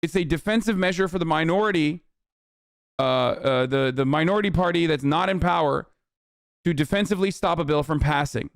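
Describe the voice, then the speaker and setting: A man's voice: fairly high pitch, brisk, no room sound, clean studio sound. A young man streaming, ranting at a news clip with exasperated, profane commentary and lots of filler words. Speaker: streamer reacting to news clips. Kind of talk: live-stream reaction rant.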